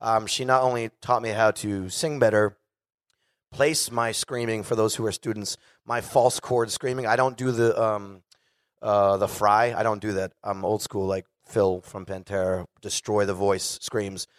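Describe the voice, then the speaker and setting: Low-voiced man telling a candid story. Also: unhurried, dry recording, clean studio sound. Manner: profane, candid, animated storyteller. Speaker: guest singer. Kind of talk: casual storytelling before a live audience.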